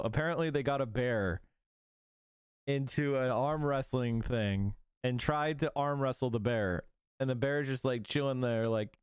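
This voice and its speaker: A man's voice: mid-range voice, measured pace, clean tone, no echo. Amused man reacting to clips. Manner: amused, loose, joking. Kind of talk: casual reaction commentary.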